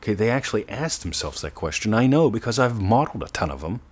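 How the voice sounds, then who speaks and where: A man giving a motivational coaching talk, earnest, sometimes slowing to a soft, drawn-out demonstration voice. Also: lowish voice, sing-song, breathy edge. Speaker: manifestation coach.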